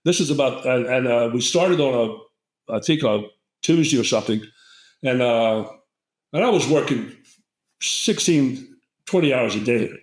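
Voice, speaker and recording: A man's voice: mid-range voice, expressive, measured pace, long pauses, reverberant, rough recording. Older man telling a rambling story. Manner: rambling, digressive storyteller who acts out quotes. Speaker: guest herbalist. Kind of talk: storytelling in a casual interview.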